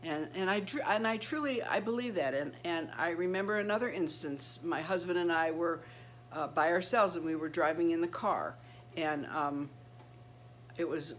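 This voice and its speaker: A middle-aged woman telling a personal story to her channel. She speaks earnestly and haltingly, with many restarts and repeated words. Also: on the low side, a little hiss or hum. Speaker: channel host.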